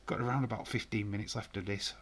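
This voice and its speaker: Chatting on a live stream, a man from Yorkshire in northern England keeps things laid-back and jokey, with frequent fillers and swearing. He talks fast in a fairly low, steady, slightly bright voice, with slight background noise.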